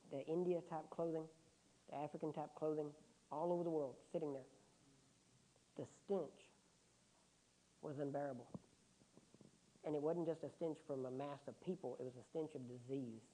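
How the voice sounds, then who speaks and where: A man preaches a sermon and recounts a personal story with deep emotion, often dropping his voice to a hush. The recording is rough.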